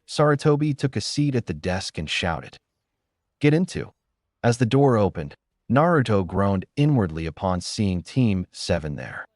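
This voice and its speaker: Male narrator, low voice with a lively lilt, dry sound, reads fan fiction. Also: moderate pace, dry recording.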